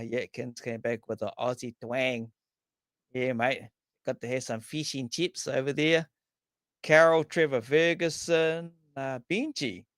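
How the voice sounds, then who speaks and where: A man's voice: mid-range voice, a bit bright, dry recording, clean studio sound. A man hosting a casual speedway chat show, upbeat and jokey, rattling off greetings to viewers. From New Zealand. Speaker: podcast host. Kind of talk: casual chat with live viewer shout-outs.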